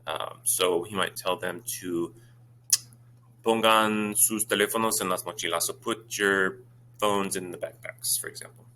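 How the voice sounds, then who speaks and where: A man, a Spanish teacher talking his students through exam questions in a brisk, informal way with many fillers. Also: low-pitched, steady tone, bright, forceful tone, a little hiss or hum.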